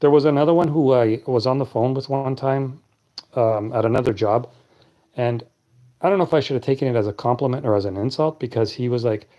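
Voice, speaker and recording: A man hosting a late-night live stream, chatting casually and answering viewers' comments in a deep, clear voice. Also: fairly quick, mellow, dull audio.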